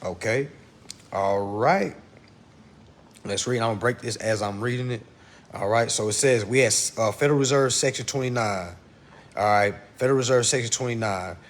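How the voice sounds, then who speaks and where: A man giving a casual livestream lesson, blunt and profane, talking fast and addressing his viewers directly. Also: medium pitch. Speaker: online instructor.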